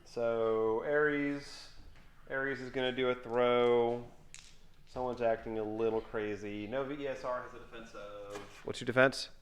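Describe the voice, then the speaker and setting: A middle-aged man at home playing a tabletop game with his son, calling out his moves and counting dice aloud in a quiet mutter. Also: mid-range voice, steady tone, unhurried, highs cut off. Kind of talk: casual tabletop game play.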